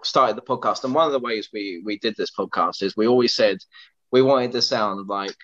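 A man co-hosting a podcast, speaking earnestly and rambling through his points with frequent restarts. His voice sits on the low side, and the recording is dull and lo-fi. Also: moderate pace, a bit bright. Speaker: podcast co-host. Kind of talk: casual podcast chat.

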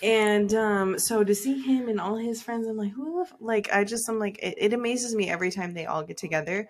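A woman's voice: medium pitch, fairly quick. A young woman in her twenties from Dallas, hosting a podcast and telling a story in casual chat, full of ums and laughs. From Dallas, Texas. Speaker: podcast host.

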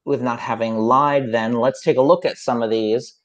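A man hosting a casual podcast, reading questions briskly with quick playful quips, over a remote call. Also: medium pitch, steady tone, low-quality recording. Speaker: podcast host asking questions.

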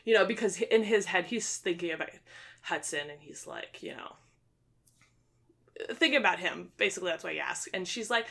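Bright-voiced young woman retelling a story. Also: on the low side, expressive, normal speed, gravelly. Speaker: book reviewer. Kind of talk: casual chat.

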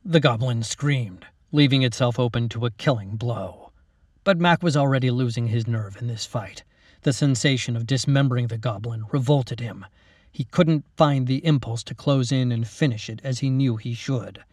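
A man, the author, narrating his own story in a steady, dramatic reading. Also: mid-range voice, moderate pace, no echo, studio quality, distant mic. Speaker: author and reader. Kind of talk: scripted narration.

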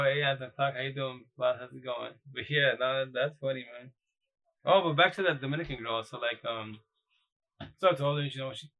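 Dude on a live stream giving blunt advice, slangy, bright sharp tone. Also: male voice, medium pitch, poor audio. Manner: blunt, slangy, loose and repetitive. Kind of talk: casual live-stream chat. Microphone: phone or computer mic on a live stream.

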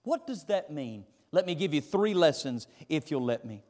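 Animated preacher in a reverberant hall. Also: male voice, on the high side, moderate pace. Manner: animated preaching, folksy and emphatic. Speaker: pastor. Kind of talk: sermon. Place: church sanctuary.

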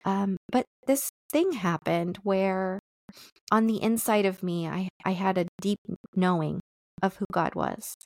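A woman hosting a podcast, telling a personal story in a soft, reflective, confessional way with thoughtful pauses. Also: mid-range voice, no echo, clean studio sound. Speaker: podcast host.

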